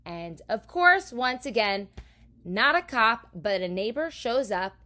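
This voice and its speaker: A woman from New Jersey, a podcast host, telling a story in a casual, animated, profane way. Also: a little high, slow pace.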